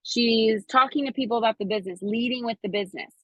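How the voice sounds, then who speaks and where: A woman giving a chatty, animated motivational talk to her team, acting out quoted dialogue. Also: on the high side, fast talker, no room sound, low-quality recording. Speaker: network marketing team leader speaking to her team.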